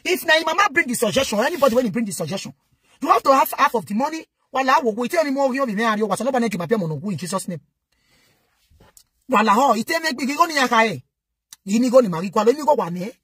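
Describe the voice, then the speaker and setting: Brief: Nigerian woman vlogger, high pitch, scolding rant, dry close sound. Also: animated, quick pace, a bit bright, husky, no echo. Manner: scolding, switches between Pidgin and local languages. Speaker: social media commentator. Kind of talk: impassioned rant to camera.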